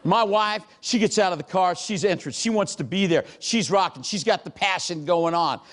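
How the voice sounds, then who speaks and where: A man giving a motivational keynote talk, telling stories in a punchy, animated way and breaking into shouts and acted-out quotes. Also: high-pitched, moderate pace. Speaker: keynote speaker. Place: large hall before a live audience.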